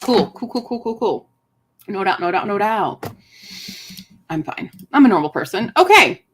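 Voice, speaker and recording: A woman's voice: medium pitch, big pitch swings, normal speed, a little hiss or hum. A woman live streaming from her apartment, chatting casually and playfully and slipping into joke accents. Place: home apartment, indoors.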